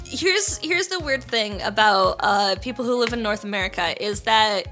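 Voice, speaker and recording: A woman's voice: mid-range voice, lively intonation, moderate pace, sharp tone, faint music behind. A young Canadian woman streaming, chatting casually and teasing with frequent giggles.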